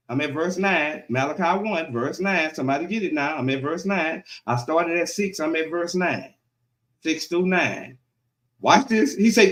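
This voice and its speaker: A male pastor preaching a sermon in a church, colloquial and lively, calling out to his congregation for response. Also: on the high side, moderate pace, echoey room. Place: church sanctuary.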